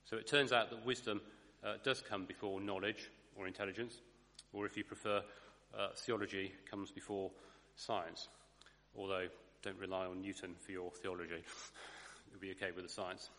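A man's voice: lowish voice, fairly bright tone. Thoughtful man preaching in a hall. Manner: thoughtful, self-correcting, dry asides. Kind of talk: sermon.

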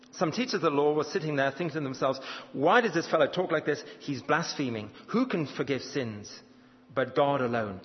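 A man preaching a sermon, telling the story with animation and acting out the voices he quotes. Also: mid-range voice. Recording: dull lo-fi sound in a reverberant hall.

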